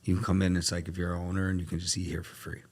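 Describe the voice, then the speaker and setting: A man talking as a podcast guest in casual storytelling, animated and acting out the dialogue he quotes. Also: low voice, rapid-fire. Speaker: podcast guest, luxury car dealer.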